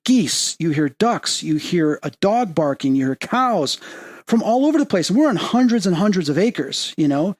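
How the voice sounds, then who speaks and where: A man hosting an interview as a medium, telling a story with rising excitement and lively quoting of others. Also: moderate pace. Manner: excitable, rising pitch when quoting and emphasizing. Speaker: podcast host and medium. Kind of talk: animated storytelling in casual interview.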